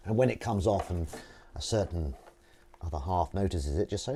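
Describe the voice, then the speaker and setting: Deep-voiced man chatting over the dishes. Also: a little fast, mellow. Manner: chatty and rambling, jokey asides to viewers. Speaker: host washing dishes on a livestream. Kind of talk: casual chat while washing up. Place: home kitchen at the sink. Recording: dish clatter and water noise. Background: clinking dishes and cutlery.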